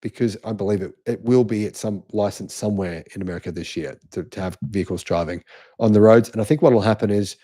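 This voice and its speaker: A middle-aged man with an Australian accent hosts a live-stream and talks through viewers' comments. His voice is dark and mellow. He presses his points insistently and keeps restarting his sentences. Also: lowish voice, fast talker. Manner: emphatic, insistent, restarts often. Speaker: channel host.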